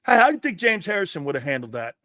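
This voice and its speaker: A man's voice: sits high, very animated, very fast, sharp tone, no room sound, clean studio sound. A man hosting a live sports talk show, reading viewer comments and ranting in a brash, profane, fired-up way.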